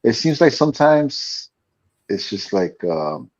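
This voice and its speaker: A man co-hosting a podcast in casual chat, rambling and halting with many fillers. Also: medium pitch, big pitch swings. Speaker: podcast co-host. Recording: dull lo-fi mic.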